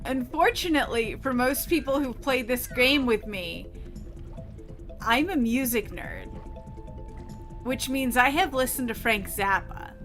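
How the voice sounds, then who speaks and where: Chatty woman streamer with a bright voice. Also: sits high, expressive, a little slow, long pauses. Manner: rambling, chatty, swears freely. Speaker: gaming streamer. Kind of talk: casual chat while playing. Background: faint game music.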